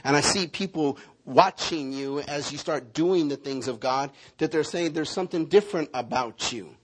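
A man preaching with a high-pitched voice, moving between earnest prophetic declarations and animated storytelling. His delivery is lively and expressive. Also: moderate pace, breathy edge. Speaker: pastor. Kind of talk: sermon.

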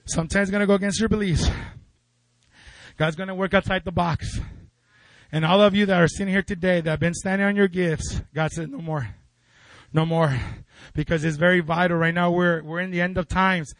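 A man's voice: sits high, fairly even intonation, a little fast, fairly bright tone, dry recording. A man preaching a fervent sermon in a church, calling out to the congregation. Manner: fervent, call-and-response with congregation.

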